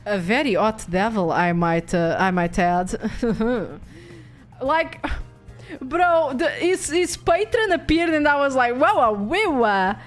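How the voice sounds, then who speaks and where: A high-pitched young woman talks through her gameplay stream in a loose, rambling chat. She gets excitable and curses freely. Faint music plays underneath. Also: slow. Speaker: VTuber streamer.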